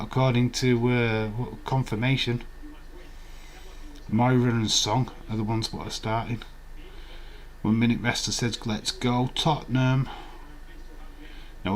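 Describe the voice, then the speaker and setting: Man bantering slowly with chat. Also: on the low side. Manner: rambling, profane banter with the chat. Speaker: live stream host. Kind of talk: casual live watch-along chat.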